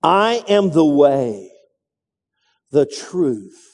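A man voicing a calm, solemn male teacher in a slow, hushed delivery during a sermon. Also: sits high, long reverb tail, voice pushed down.

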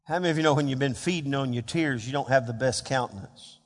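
A man preaching a sermon as pastor, dropping to hushed murmurs and rising to loud, fervent shouts of scripture. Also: mid-range voice, quick pace. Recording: long reverb of a large hall.

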